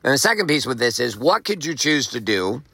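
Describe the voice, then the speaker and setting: A man's voice: medium pitch, very animated, fairly quick, vocal fry, sharp tone, slightly rough, no echo. A man hosting a motivational podcast, talking emphatically in a casual, profane way and repeating phrases for effect. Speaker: podcast host. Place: outdoors walking in the rain.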